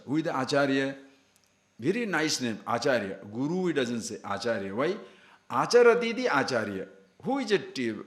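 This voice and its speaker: A man's voice: mid-range voice, fairly bright tone, echoey room. A man giving a scripture discourse to a class as a spiritual teacher, emphatic and full of rhetorical questions.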